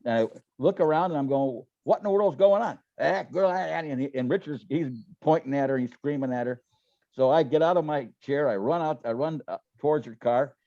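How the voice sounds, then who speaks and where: A man's voice: mid-range voice, normal speed, dark tone, no echo, highs cut off. A man telling business stories in a folksy, casual way, often repeating words and acting out what people said. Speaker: guest. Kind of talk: casual storytelling interview.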